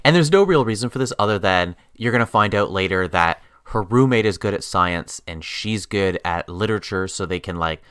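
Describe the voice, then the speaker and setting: A man's voice: lowish voice, expressive, a little fast, hardly any pauses, a bit bright, clear, resonant tone, dry recording. A man co-hosting a podcast, picking apart a TV episode in casual chat with a dry, critical manner. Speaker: podcast co-host.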